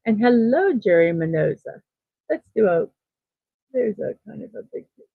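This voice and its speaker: Hosting her daily morning livestream, a woman chats casually and reads viewer comments, upbeat and packed with fillers. Her medium-pitched voice is sing-song, creaky, and husky at a moderate pace. The sound is tinny and phone-like, dry with no room sound.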